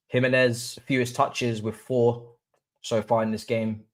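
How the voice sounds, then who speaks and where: A young man hosting a live football watch-along, swinging between low murmurs and excited chanting. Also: slow pace. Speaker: livestream host.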